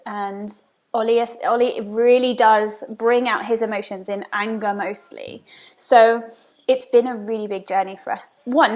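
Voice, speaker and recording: A woman in her thirties talking casually to camera about parenting, earnest and repeating key phrases for emphasis. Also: fairly high pitch. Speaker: parenting vlogger.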